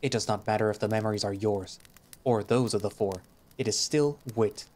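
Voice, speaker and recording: A man's voice: lowish voice, fairly even intonation, normal speed, darkish tone, lightly acted. A man voicing a formal, caring creature warrior. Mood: calm. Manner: formal speech without contractions. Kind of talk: visual novel reading.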